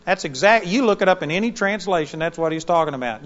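A man preaches in an auditorium, his voice sitting somewhat high. He swings between loud, emphatic bursts and soft, confiding asides. The sound is muffled and lo-fi, with a dull top end. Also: animated, fast talker, hardly any pauses, big-room sound. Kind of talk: sermon to a live congregation.

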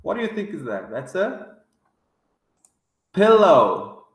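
Slow, lively man teaching kids words. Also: high voice, echoey room. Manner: slow, exaggerated word drills with excited gasps. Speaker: English teacher for young children. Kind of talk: vocabulary lesson for kids.

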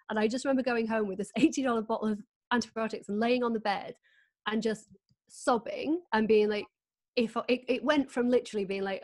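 A woman's voice: mid-range voice, no room sound. A woman, hosting a casual video-call chat, candid and laughing often as she tells stories. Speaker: host.

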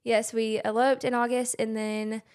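A young woman, a podcast guest talking earnestly and softly in casual chat. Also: on the high side, level tone, normal speed.

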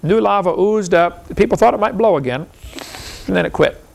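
A man's voice: high voice, expressive, normal speed, gravelly. A man giving a seminar lecture to a live audience in a folksy, argumentative way, firing off rhetorical questions and chuckling often.

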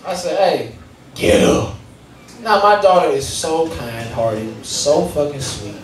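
A male stand-up comedian telling profane stories about fatherhood to a live audience, with shouted punchlines. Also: fairly high pitch, takes it slowly. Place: comedy club stage before a live audience. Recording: echoey room, mic heard from a distance, audience noise.

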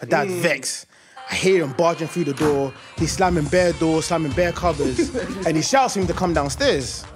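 A man's voice: on the high side, expressive, normal speed, over music. A young man with a London accent, telling a funny story to his friends on a podcast and laughing through it. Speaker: podcast co-host. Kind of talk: comedic storytelling.

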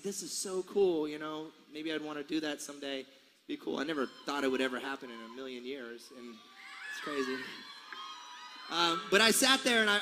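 Man, 40s, rambling onstage banter, higher voice, long hall echo, faint crowd hum. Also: a bit bright. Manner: chatty, laughing, rambling storyteller. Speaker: singer addressing a concert crowd. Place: large concert venue on stage. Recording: live hall reverb, faint crowd noise.

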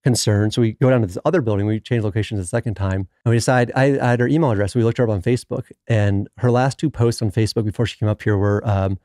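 A man's voice: fairly low pitch, quick pace, hardly any pauses, dry recording, studio quality. A man, a podcast guest telling a long story in casual conversation and acting out the quoted dialogue. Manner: animated storyteller who acts out quoted dialogue.

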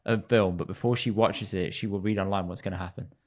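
A man's voice: sits low, fairly even intonation, quick pace. A man from the UK co-hosting a casual podcast chat, answering with wry, self-deprecating banter. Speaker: podcast co-host.

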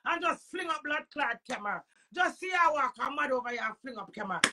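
A woman with a Jamaican accent ranting to camera as a social media personality, emphatic and preachy, swinging between loud outbursts and low muttering. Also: animated, fast talker, a little hiss or hum.

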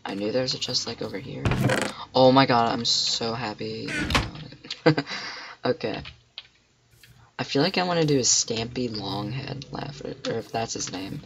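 Excitable man narrating his gameplay. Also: medium pitch, moderate pace, gravelly, background noise. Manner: excitable, talks to himself with frequent exclamations. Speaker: gamer. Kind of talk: let's play commentary.

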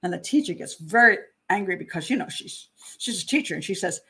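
A woman in her sixties from New Jersey speaks in a mid-range, sharp-toned voice, animated and a little fast. She's a criminal profiler hosting her own channel, talking casually about a true-crime case. Her monologue is chatty and self-deprecating, with frequent laughs and restarts.

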